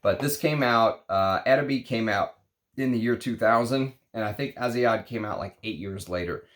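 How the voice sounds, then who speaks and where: Guy gushing about fragrances on his vlog, slightly low voice, drawn-out lists of notes. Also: fairly bright tone. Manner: enthusiastic, lingering over lists of notes. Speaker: fragrance reviewer. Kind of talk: casual review vlog.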